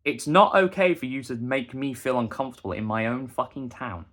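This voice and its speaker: Fairly quick and fairly bright in tone, this medium-pitched young man from England delivers an indignant, heated monologue to camera. He is a busker and vlogger ranting directly at viewers.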